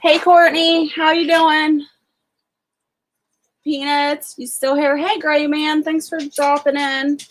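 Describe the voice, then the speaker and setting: Ohio lady rambling on her livestream, kinda high voice, lots of ums and likes. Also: level tone, slow, long pauses, poor audio. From Ohio, USA. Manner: rambling, chatty, many fillers, greets viewers. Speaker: homesteading livestream host. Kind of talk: casual livestream chat.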